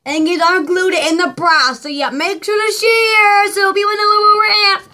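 A woman hosts a live-stream jewelry party, chatting excitably and rambling, often breaking into giggles and squeals. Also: very high voice, moderate pace.

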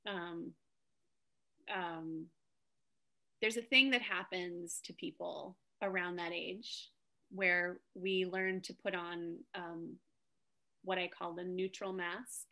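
A woman with a bright, clear voice speaks as a guest on a video call. She sounds encouraging and chatty and often stops to add affirming fillers. The sound comes through a computer microphone. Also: fairly low pitch, fairly even intonation, takes it slowly, long pauses. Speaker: guest speaker, improv coach. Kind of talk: casual video-call talk.

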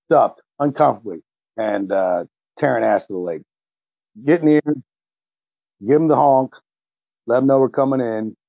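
A male player in a tabletop game describes his hero's actions bluntly and casually. His voice is medium-pitched, the recording is dry with no room sound, and the lo-fi audio is slightly muffled.

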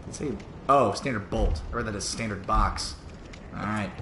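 A man giving live gameplay commentary, swearing and yelling at the game in sudden outbursts, with sarcastic self-mocking asides. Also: lowish voice, normal speed, background noise. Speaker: gamer streaming live. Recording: roomy with loud background sound.

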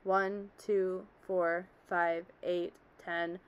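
A woman's voice: on the low side, level tone, extremely slow, clean tone, highs cut off. A woman telling as a haunted male survivor. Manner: earnest, haunted storytelling. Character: middle-aged man, former office worker, shaken survivor.

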